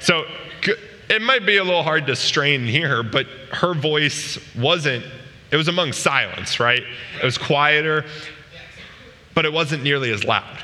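A man giving a casual talk to a youth group, with a very bright, sharp voice. He jokes and checks in with the room as he goes, and his words ring out in a large, reverberant hall. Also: a little high, lively intonation, measured pace. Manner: casual and joking, asks the room questions often. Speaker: youth pastor. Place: large room with a live audience.

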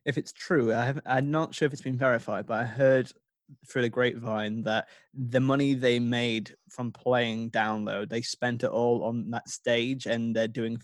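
Man, thirties, casual chat, hesitant fillers, mid pitch, dry close sound. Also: steady tone, moderate pace, no echo. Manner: chatty, hesitant with many fillers. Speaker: podcast co-host.

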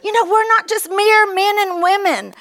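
A woman in her fifties from Kentucky with a Kentucky accent, preaching a fervent sermon with exclamations and drawn-out words. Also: very high voice, a bit bright.

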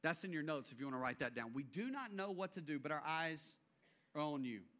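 A male pastor preaching a sermon, animated and acting out biblical figures, then dropping into quiet intensity. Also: fairly high pitch, a little fast.

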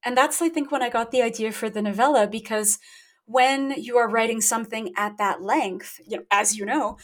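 A woman author talking in a relaxed interview over a remote connection, thoughtful and quick to laugh at herself. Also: a little high. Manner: thoughtful, self-deprecating, laughs often. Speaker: guest author. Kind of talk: casual interview talk. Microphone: remote call.

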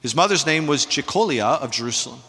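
A male pastor preaching a sermon in an animated, emphatic, conversational way, with asides to the congregation, in a church sanctuary. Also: medium pitch, quick pace, in a large hall.

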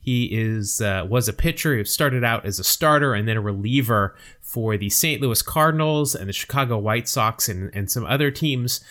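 A man's voice: on the low side, fairly bright tone. A man co-hosting a podcast in a casual, upbeat chat, laughing easily. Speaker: podcast co-host.

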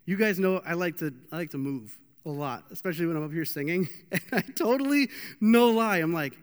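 A man's voice: on the high side, a little fast, clear, resonant tone. A young man preaching a casual, joking sermon with lots of restarts, in a church hall. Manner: animated, joking, with many restarts. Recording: long hall reverb.

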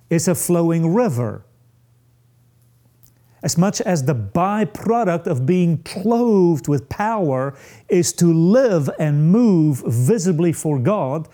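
A man preaching a sermon, slow and emphatic, with dramatic pauses and rising peaks. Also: on the high side, warm tone.

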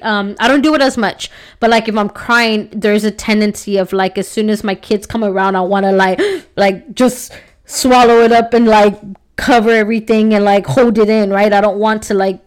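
Earnest woman host, halting and heartfelt. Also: medium pitch. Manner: earnest, tag questions and fillers, soft and halting. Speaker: podcast host. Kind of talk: personal reflective monologue.

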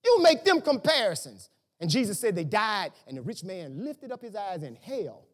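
High, lively preacher man. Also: normal speed. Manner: animated preaching, rhetorical questions, bursts of shouting. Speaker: pastor. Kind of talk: sermon.

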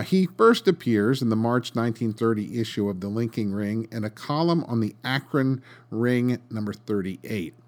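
A man hosting a podcast, reading a scripted history narration with dry, sarcastic asides. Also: mid-range voice. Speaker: podcast host.

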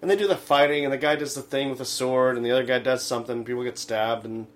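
A man co-hosting a comedic radio talk show, retelling scenes in a rambling, halting way full of fillers. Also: mid-range voice, steady tone. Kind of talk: casual comedic chat.

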